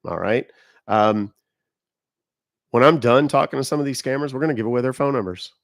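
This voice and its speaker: The speaker, a US man hosting a live stream, talks briskly at medium pitch, chatting casually with viewers and issuing blunt, emphatic warnings. Clean studio sound, recorded dry.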